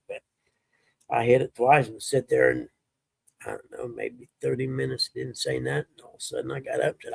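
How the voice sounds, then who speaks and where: A man's voice: medium pitch, expressive, normal speed, pauses often, dry recording. A middle-aged man, telling rambling stories as a livestream host in casual chat. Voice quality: gravelly, husky. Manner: rambling, laid-back storytelling.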